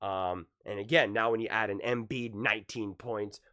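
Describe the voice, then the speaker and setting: A man giving casual, excitable basketball commentary, emphatic and repeating himself, his voice sore from screaming. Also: lowish voice, normal speed.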